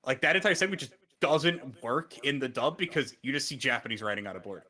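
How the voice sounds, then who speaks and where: A man's voice: medium pitch, animated, brisk, bright, forceful tone. A man co-hosting a podcast, chatting casually and animatedly, cursing freely. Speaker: podcast co-host. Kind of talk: casual chat.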